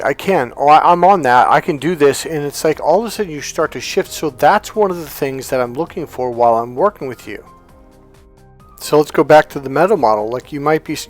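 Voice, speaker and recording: A man gives a casual coaching lesson at a mid pitch. He drops into quoted voices of clients as he explains, and faint music plays behind him. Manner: conversational, acts out quotes of clients. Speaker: life coach. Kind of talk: casual teaching talk.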